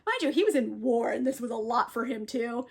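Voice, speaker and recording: A woman's voice: on the high side, lively intonation, darkish tone, slightly rough. A young woman casually retelling a novel's plot, with lots of fillers and frequent laughter. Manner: laughs often, lots of fillers, quick quoted asides. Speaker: book reviewer. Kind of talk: casual book recap.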